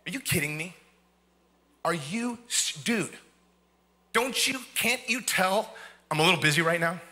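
A man voicing an exasperated figure on a cross, who scolds with rapid, incredulous complaints. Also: sits high, animated, sharp tone, pitched below the performer's own voice, exaggerated voice.

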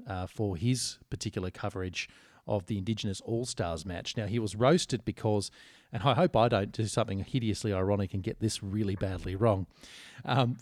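Wry low-voiced man. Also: a little mellow, no room sound, clean studio sound. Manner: wry, articulate, measured. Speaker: podcast co-host. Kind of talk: casual podcast banter.

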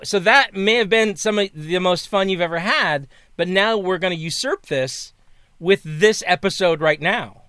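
A man co-hosting a casual chat, rambling with many restarts and dropping deadpan jokes over a video call. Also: high-pitched, clean tone, dry recording, studio quality. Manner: rambling, self-interrupting, playful deadpan jokes. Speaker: guest co-host.

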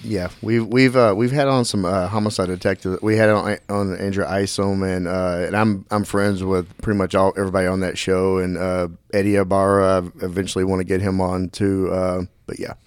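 Low-voiced guy hosting a podcast chat, dry close sound, laid-back drawl. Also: brisk, hardly any pauses, clear, resonant tone, dry recording. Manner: relaxed, drawling, says y'all. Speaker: podcast host. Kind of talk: casual interview.

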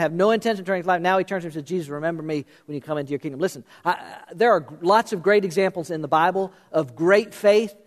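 A male pastor preaching a sermon, animated, swinging between raised emphasis and hushed intensity. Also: high-pitched. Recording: long reverb of a large hall.

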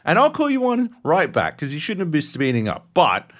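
Lively, swearing Australian man. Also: moderate pace. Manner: animated, swearing storyteller, jumps high in pitch for quoted outbursts. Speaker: podcast co-host. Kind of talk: casual chat.

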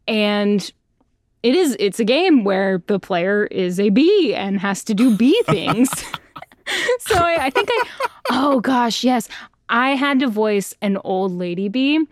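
A woman's voice: a little high, no echo, clean studio sound. A young woman voice actor chatting as an interview guest, bubbly and self-deprecating, laughing often. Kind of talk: casual interview chat.

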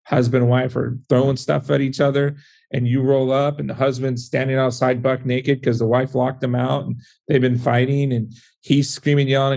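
Gravelly-voiced man giving frank advice. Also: medium pitch, darkish tone. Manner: confident, explaining with stories and "right?" asides. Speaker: guest, real estate investor and former police officer. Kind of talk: casual podcast conversation.

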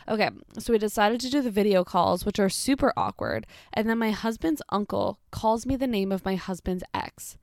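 A woman's voice: medium pitch, lively intonation, moderate pace, few pauses, darkish tone, no echo, studio quality. A young woman chatting casually as she reads out embarrassing stories, blunt and incredulous, swearing freely. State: pregnant. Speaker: storytime creator. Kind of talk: casual chat reading stories aloud.

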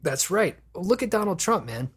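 A man hosting a podcast, chatting casually and profanely, animated and laughing often. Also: sits high, normal speed, breathy edge. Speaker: podcast host.

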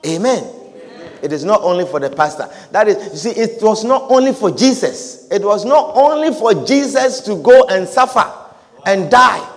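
Animated, very high-voiced preacher. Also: male voice, normal speed, long reverb tail. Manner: animated, repetitive, calls of hallelujah and amen. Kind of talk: sermon.

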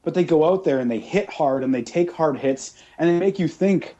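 A man co-hosting a podcast in casual chat, talking in an animated, ranting way and slipping into mocking impressions. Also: on the high side, normal speed, lo-fi sound. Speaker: podcast co-host.

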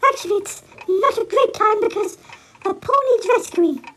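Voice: extremely high pitch, normal speed, sharp tone, slight background noise. A performer voicing Ig, a timid, worried helper who stammers and hesitates and is out of breath. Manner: hesitant, many ums and stammers.

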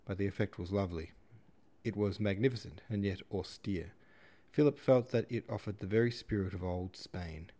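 A man narrating a classic novel as an audiobook in a steady, measured reading. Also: deep voice. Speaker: audiobook narrator, podcast host.

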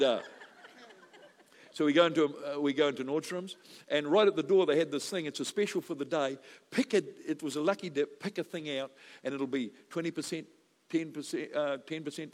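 A male pastor, telling a joking story in a sermon that builds to loud preaching. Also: fairly high pitch. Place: church hall. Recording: long reverb of a large hall.

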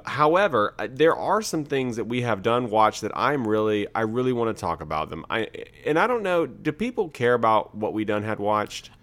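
A man's voice: lowish voice, a bit bright. A man hosting a podcast, chatting casually in a jokey, rambling way. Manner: jokey, rambling, breaks into laughter. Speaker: podcast host. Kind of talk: casual chat.

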